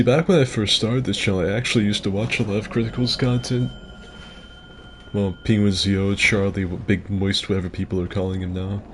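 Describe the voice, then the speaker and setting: A gaming streamer with a low-sitting voice rambles casually about his own gameplay, his talk loose, full of filler, and peppered with swearing. There's slight background noise.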